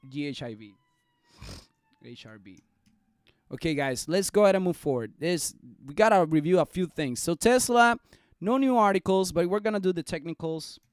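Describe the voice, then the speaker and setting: A young man hosting a casual stock market live stream, excitable and jokey, chatting straight to his viewers. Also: fairly high pitch, smooth, no echo, studio quality.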